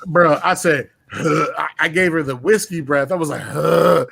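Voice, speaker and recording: A man telling a rowdy personal story in casual chat, boastful and profane, full of slang and animated bragging. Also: fairly high pitch, a little fast, vocal fry. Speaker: podcast guest telling a story.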